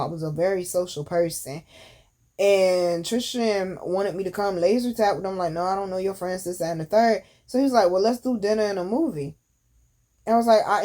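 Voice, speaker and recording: A woman's voice: mid-range voice, darkish tone. A woman hosting a podcast, telling a personal story casually with candid, profane slang and emphatic asides. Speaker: podcast host.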